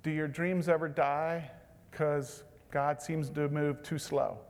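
A man delivering a sermon with a slightly high voice. He drops to a hushed tone for tender lines and rises to loud, emphatic bursts. His voice rings with a long reverb through a large hall. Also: flat delivery, takes it slowly. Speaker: pastor.

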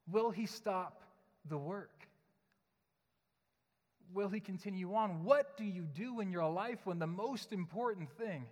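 Brief: young male pastor, high voice, chatty and joking sermon delivery, long reverb of a large church hall. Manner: conversational, joking, animated storytelling. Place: church sanctuary.

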